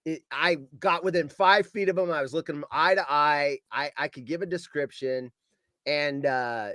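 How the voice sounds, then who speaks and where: A man calling in to a show and telling a story with animated delivery, shouting out his quoted lines and swearing along the way. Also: a little high, moderate pace, no echo.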